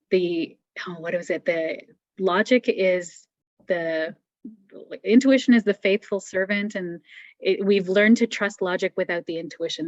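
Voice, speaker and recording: Woman, lower voice, gentle encouraging reader, dry close sound, dull lo-fi call audio. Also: no echo. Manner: gentle, encouraging, thinks aloud with fillers. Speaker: psychic medium guest. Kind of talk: intuitive reading, conversational.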